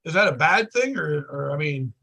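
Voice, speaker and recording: A man's voice: on the high side, lively intonation, moderate pace, creaky, pushed and bright, breathy edge. A man telling a profane story in casual chat, acting out the quoted lines as he goes. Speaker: podcast guest.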